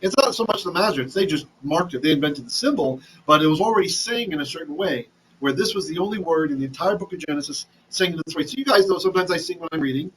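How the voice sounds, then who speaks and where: A man's voice: a little high, animated, fast talker, few pauses, fairly bright tone, a little hiss or hum, rough recording. Chatty man teaching Bible verses. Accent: Ashkenazi Hebrew reading. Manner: chatty, many restarts, asks "right?". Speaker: Torah teacher. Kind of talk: casual Bible lesson.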